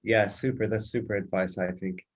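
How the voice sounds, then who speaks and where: A man's voice: lowish voice, steady tone, normal speed. A male interviewer on a video call, giving brief approving replies and asking questions. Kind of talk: casual interview.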